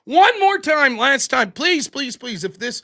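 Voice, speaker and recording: A man's voice: very high-pitched, a little slow. A man with a Pittsburgh accent, hosting a live stream and rambling casually with swearing. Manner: rambling, profane, lively. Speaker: livestream host.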